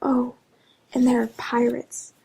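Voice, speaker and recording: Brief: a woman doing a cocky storybook boy, low-key, gravelly tone. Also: completely flat delivery, slow pace, dark tone, full character voice. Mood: boastful. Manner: boastful, commanding. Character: cocky flying boy Peter Pan.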